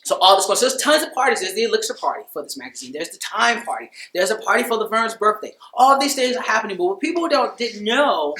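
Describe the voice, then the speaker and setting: A man's voice: high voice, big pitch swings, quick pace, few pauses, bright, forceful tone, roomy sound. A man in his thirties telling a personal story in a conversational way. He laughs often and fills his talk with "you know". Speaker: speaker at a dinner talk.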